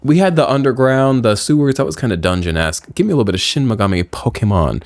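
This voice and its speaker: Playful, lively man gaming commentary. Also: medium pitch, fast, few pauses, no room sound. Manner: playful, joking, swears freely. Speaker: gaming video creator. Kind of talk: casual let's-play commentary.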